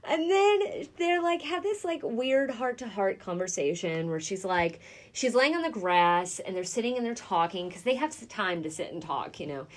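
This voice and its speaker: A woman with a mid-pitched voice casually retells a show's plot. She sounds relaxed and easygoing, with lots of fillers and a steady string of yeps as she agrees. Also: normal speed. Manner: relaxed storyteller, frequent fillers and "yep". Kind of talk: casual chat recapping a show.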